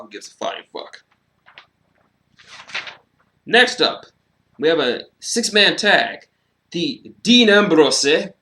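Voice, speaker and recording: A man with a mid-range voice reviews a wrestling show on his own in a casual, animated way. He's sarcastic, swears freely, and leans on fillers often.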